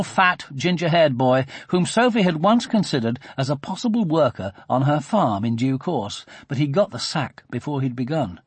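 A man narrating a children's audiobook in a husky, expressive storytelling voice. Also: a little high, dry recording.

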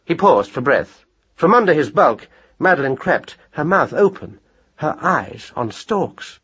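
A man narrating a children's story in an expressive audiobook style, on a dull lo-fi recording. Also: on the high side, unhurried, slightly rough.

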